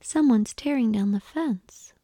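A woman's voice: fairly high pitch, a little slow, mellow, no room sound. A woman voicing a bold, playful young woman, in a blunt, teasing, whispered role-play.

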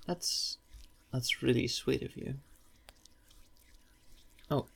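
A man's voice: medium pitch, extremely slow, vocal fry, breathy edge. A young man in an intimate audio role-play who speaks straight to the listener, playful and rambling, often stammering and apologizing.

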